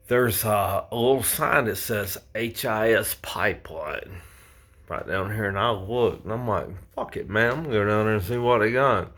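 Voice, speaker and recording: A man's voice: fairly low pitch, fairly bright tone. A man who works as a pipeline welder, telling a story to camera in a blunt, casual way with heavy swearing.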